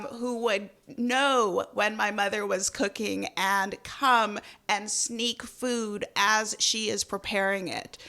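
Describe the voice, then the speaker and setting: A woman's voice: mid-range voice, pushed and bright. A middle-aged woman from Jamaica co-hosting a podcast, telling family stories in an earnest, reflective way. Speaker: podcast co-host. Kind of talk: casual podcast chat.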